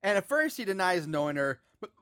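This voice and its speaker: A man's voice: high voice, sing-song, brisk, bright, forceful tone, smooth, dry recording, studio quality. A man co-hosting a podcast, recapping a movie plot with sarcastic asides. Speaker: podcast co-host.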